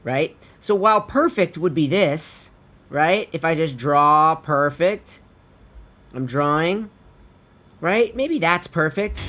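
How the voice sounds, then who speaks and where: A man's voice: on the high side, fairly bright tone. A man casually walking viewers through a vocal tuning tutorial, chatty and laid-back, swearing offhand and calling the viewers his friends. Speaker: music producer teaching vocal tuning. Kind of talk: casual screen-recorded tutorial.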